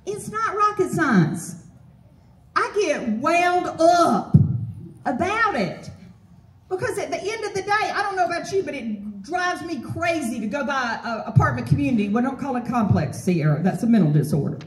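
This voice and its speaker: A woman giving a motivational property management seminar, energetic, often posing fill-in-the-blank questions to the audience. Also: high voice, normal speed. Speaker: property management trainer and speaker. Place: event hall with an audience. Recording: roomy hall, voice from far off.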